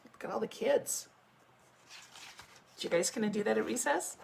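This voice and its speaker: A woman school principal reading a picture book aloud to children, with animated storytelling and chatty asides. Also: a little high, moderate pace, gravelly, long pauses, breathy edge. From United States.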